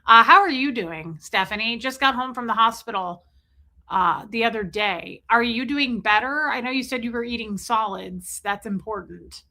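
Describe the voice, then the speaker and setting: A woman's voice: a little high, normal speed, pushed and bright. A woman hosting a casual livestream, chatting and joking as she reads out viewers' names. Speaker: livestream host.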